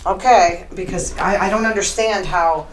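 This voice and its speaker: A woman's voice: mid-range voice, normal speed, a little hiss or hum, poor audio. A middle-aged woman hosting her own podcast, talking in a chatty, rambling, opinionated way with plenty of filler words. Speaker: podcast host. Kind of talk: casual solo commentary.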